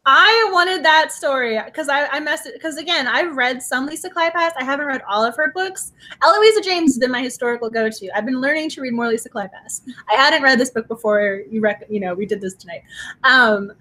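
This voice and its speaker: Gushing, excitable woman co-host with a high voice for a book talk show. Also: a little fast. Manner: gushing, laughs often, restarts. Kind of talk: casual book discussion.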